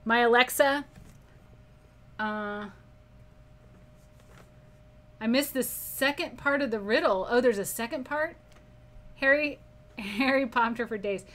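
Bright-voiced chatty woman teaching painting. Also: on the high side, unhurried, long pauses. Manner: chatty, laughs often, reads viewer comments aloud. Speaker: art instructor. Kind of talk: live painting lesson with chat.

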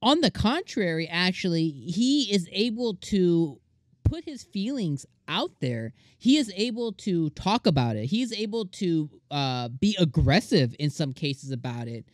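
An eager channel host reviews an anime episode in loose, rambling chat, full of restarts and fillers. They act out the characters' lines in quick little voices along the way. The recording is close and dry, with no room sound. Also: medium pitch, dry recording.

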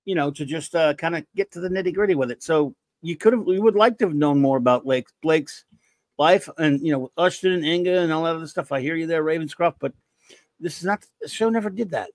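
A man hosting a podcast in a casual, rambling way, reading out listener reviews and breaking into jokes and bursts of shouting. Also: a little high, a little fast, dry recording. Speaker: podcast host.

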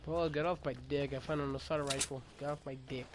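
A man streaming a shooter match, chatting excitably with a friend and exclaiming at the game. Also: fairly high pitch, fast talker, noisy background. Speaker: gamer streaming his match. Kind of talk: casual gaming banter. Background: game music.

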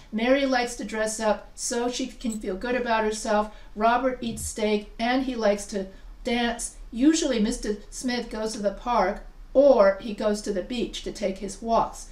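A woman with a fairly high voice teaches a writing class, chatty and quick to quiz her students. She often breaks off and restarts her sentences. She sounds far from the mic in an echoey room. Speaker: writing instructor. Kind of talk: live class lesson.

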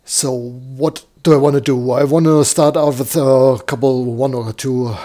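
A man with a croaky, slightly hoarse voice, walking through a software demo live and thinking aloud with lots of fillers. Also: mid-range voice, steady tone, a little slow, few pauses. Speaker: software tutorial presenter. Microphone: desktop microphone.

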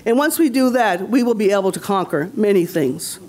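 This is a woman from Nova Scotia giving an impassioned talk on a conference panel. She speaks as a community leader and drives her points home with rhetorical questions and repeated phrases. Her voice sits at an ordinary middle pitch for a woman. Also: animated, brisk, a little mellow. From Nova Scotia, Canada.

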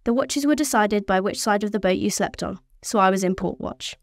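Teenage girl, vlog voice-over, scripted narration, upbeat, even middle pitch. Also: a little fast, dry recording. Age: teens. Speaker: vlogger.

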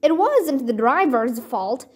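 A woman's voice: high-pitched, sing-song, takes it slowly, a little mellow, husky, exaggerated voice. A woman voicing a nervous, hesitant young boy in a storybook, stammering.

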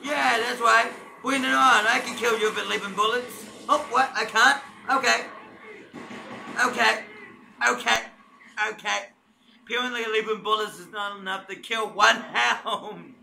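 A man giving loud, mocking gameplay commentary full of swearing and trash talk. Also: extremely high pitch, fairly even intonation, measured pace, vocal fry, a little hiss or hum, rough recording. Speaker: gamer.

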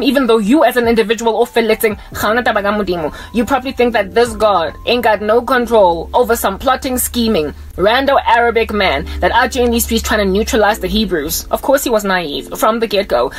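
A woman preaching a scolding video sermon in a fiery, sarcastic way. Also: on the high side.

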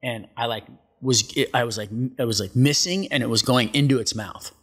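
A middle-aged man, a surfer guest on an interview show, telling a story in a casual, animated way, acting out what people said and saying "like" a lot. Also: medium pitch, normal speed, husky. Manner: animated storyteller, acts out quotes, many filler likes.

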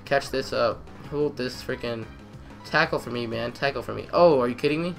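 Excitable young man narrating gameplay. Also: medium pitch, quick pace, vocal fry, few pauses, faint music behind. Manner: excitable, trash-talking, repeats phrases. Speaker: gamer. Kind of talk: let's play commentary.

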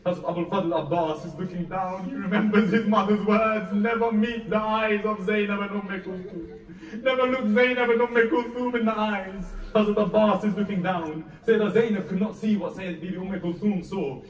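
Male lecturer, high-pitched, tearful and fervent storytelling; roomy hall sound, mic far off. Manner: emotional, rising to near-wailing at peaks. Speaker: lecturer reciting Masa'ib. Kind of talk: Muharram majlis lecture with narrated story. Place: mosque or community hall. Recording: echoey hall, mic heard from a distance.

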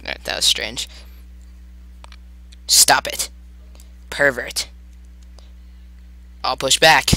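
A man's voice: mid-range voice, drawn-out words, long pauses, pushed and bright, dry recording. A man giving jokey let's play commentary and talking to the game. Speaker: gamer.

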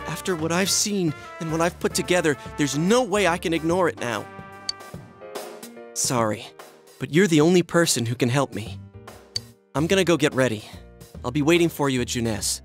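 A man's voice: a little high, moderate pace, long pauses, music in the background, close to an everyday voice. A man voicing an earnest, determined teenage schoolboy in a video game, talking urgently. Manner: urgent, earnest, talks things through. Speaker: voice actor.

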